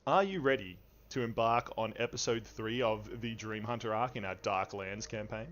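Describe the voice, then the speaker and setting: A man's voice: lowish voice, normal speed, a bit bright. A man hosting a livestreamed tabletop game as game master, playful and rambling as he welcomes players and chat. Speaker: game master and stream host. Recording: dull lo-fi stream audio.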